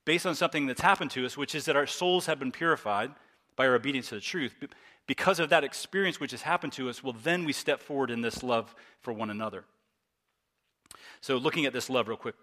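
Male pastor, earnest and emphatic sermon delivery, crisp bright tone. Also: mid-range voice, quick pace. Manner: earnest, emphatic preaching with repetition.

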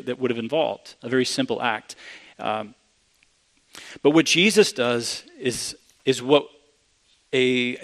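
A man preaching a sermon in a conversational way, often restarting phrases and growing emphatic when he quotes a passage. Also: medium pitch.

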